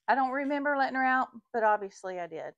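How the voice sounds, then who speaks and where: A woman's voice: high voice, lively intonation, fast talker, dry recording, lo-fi sound. Chatty woman telling a story. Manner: chatty, addresses viewers as y'all. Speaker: vintage shop owner and vlogger. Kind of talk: casual storytime while working. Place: her vintage shop booth.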